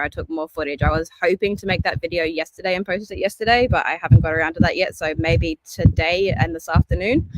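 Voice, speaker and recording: A woman's voice: low-pitched, no echo, rough recording. A young Australian woman with an Australian accent, chatting casually on a live stream and laughing often over a remote call. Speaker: aquarium maintenance guest.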